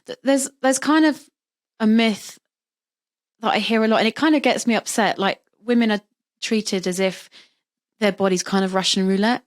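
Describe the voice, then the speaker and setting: A woman in middle age speaks as a guest in a casual interview. She explains her work as a birth practitioner with lively, vivid examples. Her voice sits at an ordinary middle pitch. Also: moderate pace, long pauses.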